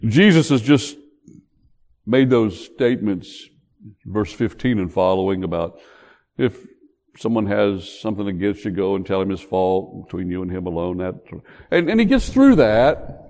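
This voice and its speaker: An older man preaching a sermon, telling the story in an animated way and joking with the congregation. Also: on the low side, moderate pace. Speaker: pastor. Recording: long hall reverb.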